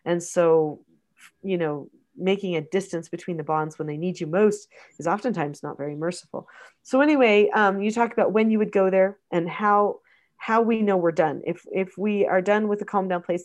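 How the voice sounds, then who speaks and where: A middle-aged woman coaching parents, speaking in an earnest, instructive way and acting out gentle prompts to a child. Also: medium pitch, moderate pace. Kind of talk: teaching conversation.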